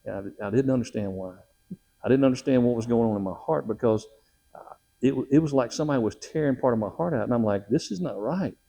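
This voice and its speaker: A man's voice: mid-range voice, quick pace, vocal fry, mellow. A middle-aged man, a missionary, telling a personal testimony in a folksy, emotional way with frequent laughs.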